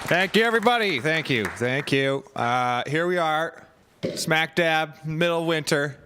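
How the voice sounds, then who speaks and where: A man's voice: on the high side, expressive, measured pace, over a noisy crowd, very noisy. A man doing a stand-up set on a club stage, telling wry stories in a dry manner. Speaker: stand-up comedian.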